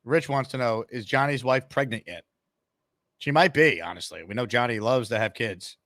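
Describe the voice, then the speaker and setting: A man's voice: mid-range voice, moderate pace, fairly bright tone, no echo, clean studio sound. A man hosting a live call-in sports talk show, upbeat and hyping callers and promotions. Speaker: show host.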